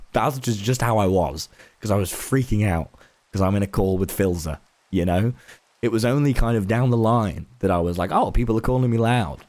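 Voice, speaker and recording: A man's voice: fairly low pitch, normal speed, darkish tone, no echo. A young man chatting casually in a late-night vlog, rambling and laid-back and swearing now and then. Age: young adult. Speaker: online content creator.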